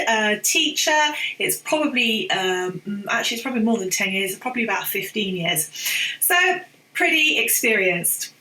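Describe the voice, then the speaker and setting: A woman talks to camera as an online teacher, chatty and opinionated. Her voice sits a little high and sounds bright. The room adds a roomy echo. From England. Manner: chatty and opinionated, with asides and laughs. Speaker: online English teacher and business coach. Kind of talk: casual talk to camera.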